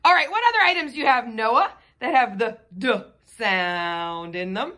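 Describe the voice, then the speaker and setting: A woman's voice: on the high side, expressive, moderate pace, very noisy. A woman teacher giving a phonics lesson to a child, patiently sounding out letter sounds.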